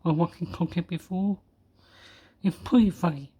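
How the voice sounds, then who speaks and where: A man's voice: sits high, moderate pace, dark tone, slightly rough. A man from Australia with an Australian accent, giving casual reaction commentary in a laid-back, blunt way. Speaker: reaction video host.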